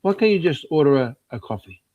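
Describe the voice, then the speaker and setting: A man's voice: a little high, big pitch swings, quick pace, crowd noise. A man in a casual podcast chat, starting hesitantly with fillers and restarts before venting exasperated complaints. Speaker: podcast co-host. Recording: dull lo-fi recording.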